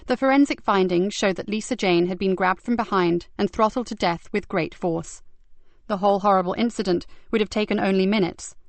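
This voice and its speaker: A British woman narrating a crime novel in a measured, even storytelling voice. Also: medium pitch, no echo. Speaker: audiobook narrator. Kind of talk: scripted narration.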